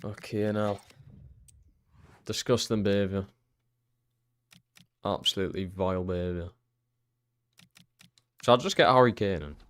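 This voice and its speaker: Deep-voiced, sweary man streaming a football game. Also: moderate pace, long pauses. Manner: excitable, sweary, bursts into loud shouts at big moments. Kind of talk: live-streamed gameplay commentary.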